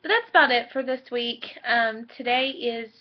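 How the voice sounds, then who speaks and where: A woman's voice: fairly high pitch, normal speed. A young woman chatting emotionally in a home vlog, full of likes and ums. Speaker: vlogger. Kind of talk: casual pregnancy vlog chat. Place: home bedroom. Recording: dull lo-fi home video audio.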